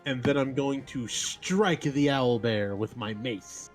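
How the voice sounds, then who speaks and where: A man playing a tabletop game, speaking haltingly with fillers. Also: medium pitch, soft background music. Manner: halting, fillers between words. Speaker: player. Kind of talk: casual tabletop play.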